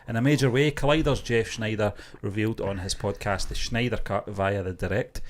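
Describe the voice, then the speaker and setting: A man's voice: fairly low pitch, fairly even intonation, fairly quick, a little hiss or hum. A man co-hosting a casual movie podcast, reading news with hesitant fillers. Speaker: co-host.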